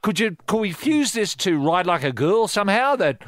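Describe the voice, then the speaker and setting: A man's voice: high voice, sing-song, normal speed, a bit bright, no echo, clean studio sound. A man co-hosting a comedic sports show, talking in a wry, mock-earnest way. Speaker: co-host.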